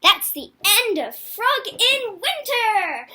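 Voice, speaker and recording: A woman reading a children's picture book aloud in a slow, expressive way. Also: very high-pitched. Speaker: storybook reader.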